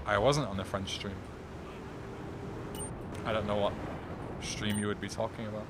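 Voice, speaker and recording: A young man with a low voice, chatting with his live-stream audience in a laid-back, wry way. Video game sounds run faintly underneath him. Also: little pitch movement, moderate pace, pauses often. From England. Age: young adult. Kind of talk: casual live-stream chat, reading and answering viewers. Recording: game noise in the background.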